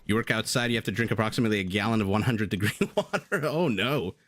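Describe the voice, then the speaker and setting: A man's voice: on the low side, lively intonation, fast, fairly bright tone. A man casting a strategy game live, chatting and laughing with his viewers between plays. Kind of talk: live esports commentary with chat.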